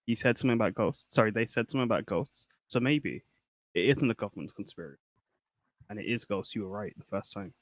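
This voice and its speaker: A man's voice: on the low side, fast talker, dry recording. A man playing in a tabletop game, chatting in an easygoing way. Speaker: player. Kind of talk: casual tabletop role-play.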